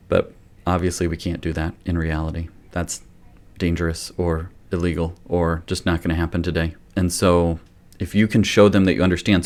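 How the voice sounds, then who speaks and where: A man hosting a live-streamed parenting Q&A, explaining discipline in a calm, gentle way. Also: low-pitched. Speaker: pediatrician and parenting host. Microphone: webcam or phone, live stream.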